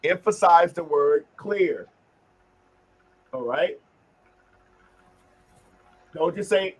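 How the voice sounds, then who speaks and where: A man hosting a casual group discussion, talking earnestly about self-reflection and turning animated when he acts out examples. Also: sits high, takes it slowly, pauses often, slightly rough. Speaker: host.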